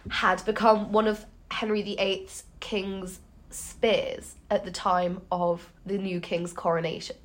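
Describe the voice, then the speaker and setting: A chatty woman co-hosts a relaxed history podcast. She fills her talk with "like" and "um", and laughter slips in now and then. Her voice sits at an ordinary pitch. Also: slow pace. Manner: chatty, laughs often, many fillers. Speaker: podcast co-host. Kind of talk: casual history chat.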